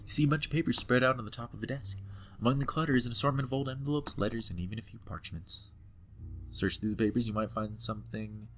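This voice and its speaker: A man's voice: mid-range voice, quick pace, a little hiss or hum. Playful man narrating a game. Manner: playful and animated, hamming up the game text. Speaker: let's-play host. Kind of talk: game commentary and reading game text aloud.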